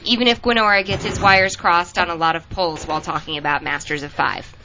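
A woman's voice: lowish voice, steady tone, a little fast, crowd noise. A woman co-hosting a casual podcast, reading listener emails aloud and stumbling over names with a laugh. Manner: laughing, self-interrupting while tending a child. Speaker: podcast co-host. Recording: dull lo-fi podcast audio.

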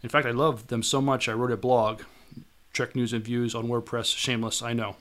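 A man on a podcast reading a listener's email aloud, steady with small stumbles. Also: medium pitch, moderate pace.

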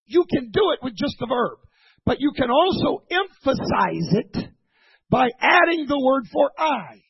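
A preacher man with an unusually high, very raspy voice delivers a sermon. He stumbles and repeats words while explaining, then climbs to fervent shouts. The recording is muffled and lo-fi. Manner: building from calm teaching to shouted fervor; halting, repeats words with many fillers.

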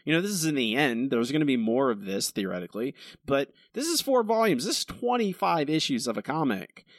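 A man's voice: medium pitch, sing-song, a little fast, no echo, clean studio sound. A man co-hosting a casual podcast, ranting about a comic book with exasperation and mocking quoted voices. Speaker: podcast co-host reviewing comics. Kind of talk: casual chat.

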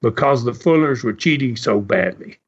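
A man's voice: medium pitch, lively intonation, unhurried, a little hiss or hum. An older man and former wrestler telling folksy stories in an interview, often chuckling as he talks. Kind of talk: storytelling interview. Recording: muffled recording.

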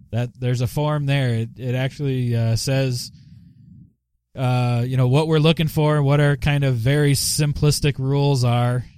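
A man hosts a live show, talking loosely and laughing between thoughts. His voice sits at an ordinary pitch. The sound is dry and close. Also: a little mellow, clean tone, no room sound. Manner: rambling with many fillers and laughs. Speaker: podcast host. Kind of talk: casual live show chat.

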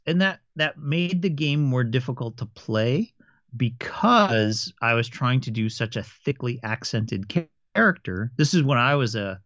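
A man co-hosts a relaxed podcast about running games. He tells stories with plenty of false starts and stammers, at a medium pitch. The sound is dry and a bit muffled, like a modest home setup. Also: no echo. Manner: stammers and restarts often, animated storytelling. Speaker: game master and podcast co-host. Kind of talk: casual chat. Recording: dry, slightly dull lo-fi sound.

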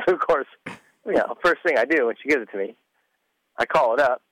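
A man who is a podcast guest, telling stories in a rambling, animated way. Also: medium pitch, brisk, poor audio. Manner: animated, rambling, laughs at himself. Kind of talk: casual storytelling.

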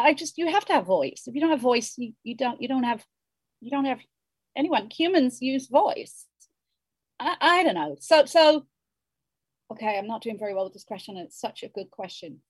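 A woman's voice: on the high side, husky, no room sound. A woman in her fifties, a novelist, musing in a rambling interview with many restarts. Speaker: novelist guest. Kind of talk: reflective interview conversation.

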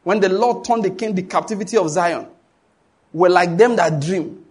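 Husky-voiced Nigerian preacher. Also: male voice, high voice, moderate pace. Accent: Nigerian English. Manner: emphatic, asks the congregation to finish his sentences. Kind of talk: sermon.

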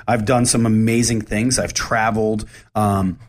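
A man's voice: on the low side, steady tone, measured pace. Candid rambling man in his forties. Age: 40s. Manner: candid, rambling, conversational with frequent restarts. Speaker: show host. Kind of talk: casual monologue.

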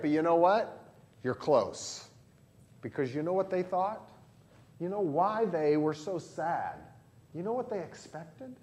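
A pastor with a Southern Illinois accent, leading a lively catechism lesson for children and adults and quizzing the class. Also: male voice, a little high. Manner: animated, asks the class questions.

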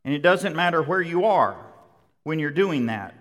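A middle-aged man preaches expressively at a moderate pace, his voice a little high and fairly bright. His style is conversational but emphatic, driving points home by repeating them, and the large church sanctuary gives the recording a long hall reverb.

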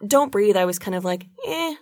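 A woman's voice: medium pitch, brisk. A woman with a mid-range voice, chatting loosely on a podcast. She trips over words, laughs at herself and swears freely while sipping wine. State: drinking wine. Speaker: podcast co-host. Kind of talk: casual chat, bloopers.

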